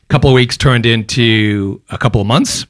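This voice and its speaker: A man in his fifties with a softened Boston American accent, telling stories as a guest on a radio talk show. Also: medium pitch, fairly quick, dry recording. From Boston, United States. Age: 50s. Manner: chatty anecdotal storyteller, dry jokes. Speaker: radio guest, volunteer coordinator. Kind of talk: casual radio interview. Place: radio studio.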